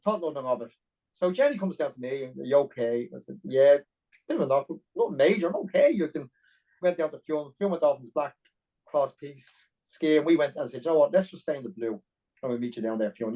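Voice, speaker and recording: A middle-aged Irish man telling a long personal story as a podcast guest, animated and full of detail. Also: fairly high pitch, slightly rough, rough recording. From Ireland. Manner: animated, fast-paced anecdotal storytelling. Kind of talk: storytelling interview.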